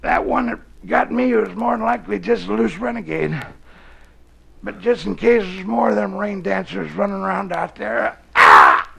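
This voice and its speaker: Man doing a gravelly old wagon-train geezer. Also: high-pitched, moderate pace, exaggerated voice. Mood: dying. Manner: folksy backwoods drawl, gruff. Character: grizzled old male pioneer, wagon train veteran. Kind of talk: comedy sketch acting on a record.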